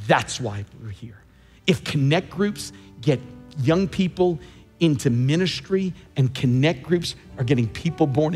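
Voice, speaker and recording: A man's voice: mid-range voice, darkish tone, big-room sound. A man preaching a sermon as pastor, emphatic, repeating key phrases for weight. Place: large church.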